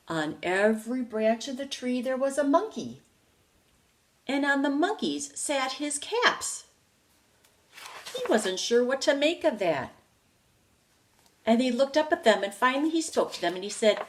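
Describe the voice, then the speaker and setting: A woman teacher reading a storybook aloud to young children, slow and playful with lots of expression. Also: mid-range voice, a little hiss or hum. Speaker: preschool teacher.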